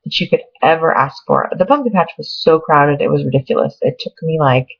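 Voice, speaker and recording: Young woman, gravelly fry, chatty and teary, dull lo-fi home recording. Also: deep voice, fairly quick. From Oregon, US. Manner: chatty, emotional, on the edge of tears. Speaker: vlogger. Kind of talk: casual pregnancy update vlog. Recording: dull lo-fi home webcam audio.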